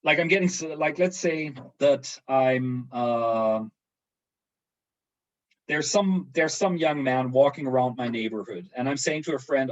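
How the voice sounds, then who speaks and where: A man's voice: mid-range voice, measured pace, muffled recording. A man teaching a university language lesson online, explaining at length with many fillers and restarts.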